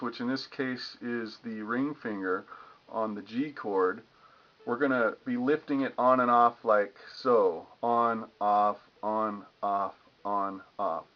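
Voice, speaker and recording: A man giving a casual guitar lesson, explaining strumming patterns and humming the rhythms as he demonstrates. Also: medium pitch. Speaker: guitar teacher. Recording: lo-fi with guitar playing.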